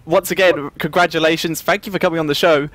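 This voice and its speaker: A man's voice: on the high side, fairly even intonation, quick pace, a bit bright, no room sound. A man hosting the show, amused and congratulatory as he wraps things up. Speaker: show host. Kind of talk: hosting sign-off.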